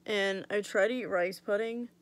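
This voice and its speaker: A woman's voice: medium pitch, steady tone, moderate pace. A young woman vlogging casually about her oral surgery recovery, blunt and full of "like", swearing freely, her mouth still swollen. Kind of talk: casual storytelling vlog.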